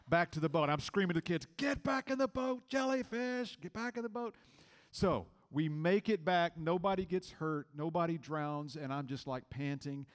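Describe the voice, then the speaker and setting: A middle-aged man from Georgia preaching a sermon, telling a personal story in a conversational way, acting out the dialogue and dropping to quiet, low tones for emphasis. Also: big-room sound. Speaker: pastor.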